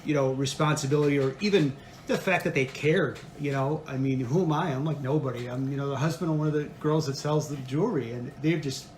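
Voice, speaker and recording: A man's voice: medium pitch, a little mellow, a little hiss or hum. Earnest man speaking in an echoey room. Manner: earnest, grateful, halting with restarts. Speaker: co-host, husband. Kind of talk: casual conversation.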